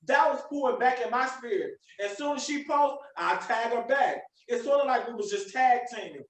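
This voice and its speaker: A podcast host delivers a preachy motivational talk, emphatically repeating himself. His voice is extremely high-pitched and recorded from a distance in an echoey room.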